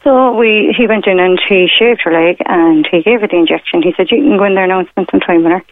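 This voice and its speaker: Speaking quickly in a lowish voice, a middle-aged woman on the phone recounts a personal story to a radio phone-in. She's hesitant and wanders, leaning on fillers and retold quotes; the line has no echo.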